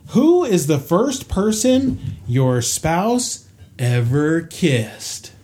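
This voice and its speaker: A man's voice: fairly high pitch, very animated, very slow, mellow. A man hosting a casual podcast chat, joking in a playful game-show manner. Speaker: podcast host.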